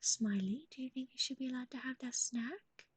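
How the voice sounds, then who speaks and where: A woman with a high, airy voice gives a whispered pet livestream chat, cooing baby talk to her animal between greetings to viewers. Her breathy whisper sits close and dry, with no room sound, and she takes her time. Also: normal speed, no room sound. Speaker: livestream host.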